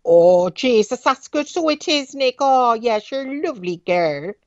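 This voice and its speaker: A woman's voice: a little high, lively intonation, unhurried, darkish tone, dry recording, pitched above the performer's own voice. A woman doing a coaxing Irish father. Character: Irish father, middle-aged man, coaxing and sleazy. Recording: dull dry lo-fi audio.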